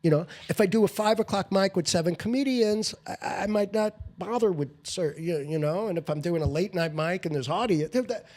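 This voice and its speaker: A middle-aged man, a veteran comedian, giving blunt, animated advice in a casual podcast interview. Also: fairly quick, few pauses. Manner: animated, blunt, swings pitch up for emphasis.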